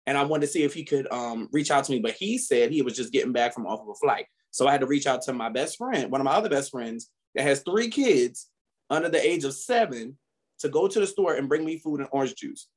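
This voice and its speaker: A man co-hosting a podcast, chatting casually and telling stories animatedly, often laughing and rising in pitch when indignant. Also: fairly quick. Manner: animated storytelling with frequent laughter. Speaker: podcast co-host. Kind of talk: casual chat.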